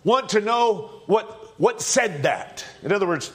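A man with a notably high-pitched voice delivers an informal sermon. He talks to the congregation conversationally, mixing jokes with personal stories. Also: expressive, slow pace. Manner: conversational, joking, storytelling. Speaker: preacher.

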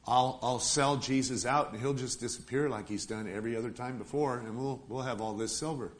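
A man's voice: mid-range voice, fairly quick, close to an everyday voice. A man preaching a sermon puts on the voice of a scheming man, musing offhandedly to himself. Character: scheming grown man, offhand and self-assured.

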